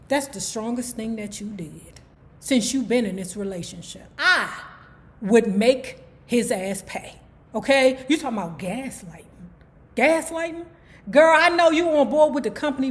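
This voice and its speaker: A woman's voice: fairly high pitch, lively intonation, moderate pace. A woman hosting an online book club, reading a memoir aloud and breaking off for sassy, profane commentary to her viewers.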